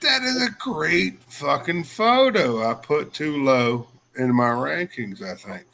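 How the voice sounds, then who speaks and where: Lively, higher-voiced joking man. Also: slow pace, gravelly. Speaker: podcast co-host. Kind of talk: casual chat.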